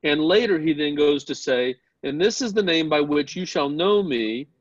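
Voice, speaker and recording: A man's voice: a little high, animated, moderate pace, no room sound, highs cut off. A man teaching a Bible class, explaining step by step, asking the class questions and often repeating words as he starts a sentence.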